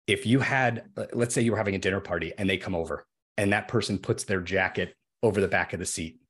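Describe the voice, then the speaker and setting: Husky low-voiced man explaining. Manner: explains at length with everyday examples and acted quotes. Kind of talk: casual podcast conversation.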